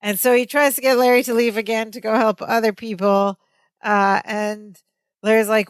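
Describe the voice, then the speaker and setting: A woman's voice: on the high side, level tone, normal speed, smooth, dry recording. A woman co-hosting a podcast, chatting casually as she recaps a sitcom episode and quotes the characters. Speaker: podcast co-host.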